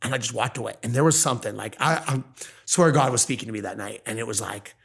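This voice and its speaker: A man's voice: mid-range voice, quick pace, gravelly, slightly rough. A man hosting a podcast, chatting casually and earnestly, telling stories and acting out the people in them. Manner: earnest, animated storyteller acting out quoted voices. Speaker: podcast host. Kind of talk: casual conversation, storytelling.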